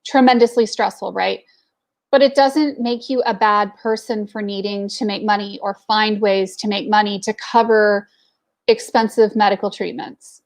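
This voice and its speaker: A woman's voice: medium pitch, steady tone, moderate pace. A woman in her forties telling a candid personal story in casual talk, with plenty of fillers. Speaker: entrepreneur network speaker.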